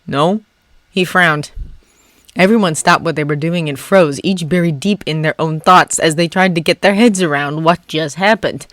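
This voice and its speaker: A fan reader narrating a story chapter with an expressive delivery. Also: medium pitch, moderate pace, no echo. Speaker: fanfiction reader. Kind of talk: audiobook narration.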